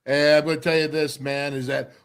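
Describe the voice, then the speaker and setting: A man's voice: fairly high pitch, level tone, a little fast, a bit bright, clear, resonant tone. A man hosting a college football radio show, interviewing a guest with enthusiastic, hype-filled sign-offs. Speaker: sports radio host. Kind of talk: casual interview.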